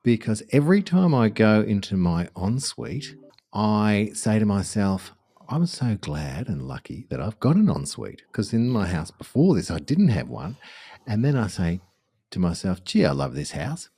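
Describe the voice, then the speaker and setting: A man's voice: lowish voice, big pitch swings, moderate pace, mellow, husky. A man co-hosting a podcast, chatting enthusiastically and correcting himself as he goes. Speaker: podcast co-host. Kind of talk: casual podcast chat.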